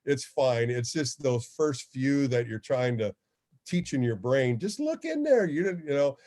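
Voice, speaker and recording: A man's voice: medium pitch, a little slow. A former ballplayer turned radio host telling stories in a casual interview, acting out the people he quotes. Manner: animated storyteller, acts out quoted dialogue.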